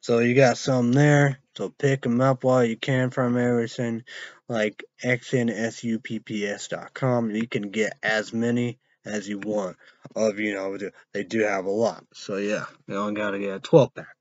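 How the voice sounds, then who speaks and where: A man's voice: on the low side, level tone, moderate pace, no echo, dull audio. A man rambling and swearing through a casual vlog, trailing off into mumbles. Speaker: vlogger reviewing an energy drink.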